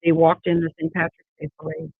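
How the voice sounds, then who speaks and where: A woman's voice: deep voice, monotone, brisk, slightly rough, no echo. A woman in her fifties from Erie, Pennsylvania, answering interview questions earnestly and repeating key phrases for emphasis. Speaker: judicial candidate guest. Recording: tinny dry online call audio.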